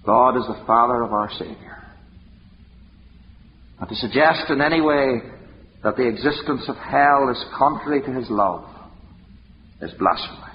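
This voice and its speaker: A man's voice: mid-range voice, moderate pace, long pauses, a little hiss or hum. A man preaching an impassioned sermon, full of rhetorical questions and dramatic emphasis. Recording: dull lo-fi recording in a reverberant hall.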